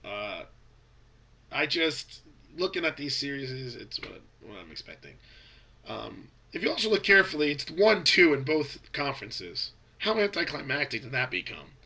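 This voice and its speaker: A man's voice: medium pitch, big pitch swings, moderate pace, bright, forceful tone. A young man with a stuffy, congested voice from a cold, giving rambling, opinionated basketball predictions in a casual vlog. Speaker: basketball fan vlogger. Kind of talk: casual sports commentary vlog.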